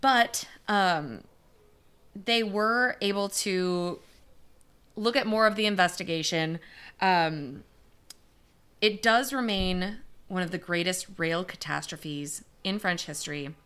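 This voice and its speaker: A woman's voice: on the low side, slow, a bit bright, smooth. A young woman co-hosting a podcast, casually recounting a disaster story with fillers and the odd curse word. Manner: chatty, swearing, many fillers. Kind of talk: casual chat.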